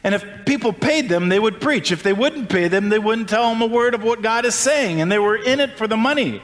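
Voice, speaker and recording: A pastor delivers his sermon with real fervor, his fairly high voice climbing as he presses each point. The words ring out into a church hall with a long, lingering reverb behind them. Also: expressive, a little fast, a bit bright. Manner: impassioned, rising pitch on emphasis.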